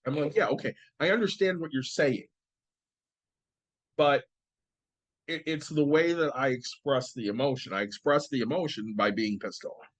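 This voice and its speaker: A man at a middle pitch reflects calmly on how people show their emotions. His delivery is matter-of-fact and even. The recording is dry and close, with no room echo. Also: normal speed, long pauses. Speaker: podcast co-host. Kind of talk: casual chat. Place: podcast studio.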